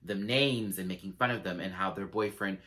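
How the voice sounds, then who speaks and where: Sassy, bright-voiced man reviewing a show. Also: a little fast. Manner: sassy, animated, acts out quotes with big pitch jumps; laughs often. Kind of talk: casual review commentary.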